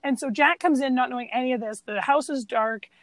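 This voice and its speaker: A woman's voice: sits high, brisk, dry recording. A woman in casual chat, animatedly retelling movie scenes and acting out the lines.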